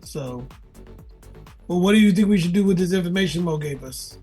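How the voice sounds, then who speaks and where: A man playing in a tabletop game, speaking in character in a hesitant, low-key way. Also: normal speed, dark tone, soft background music. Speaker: player.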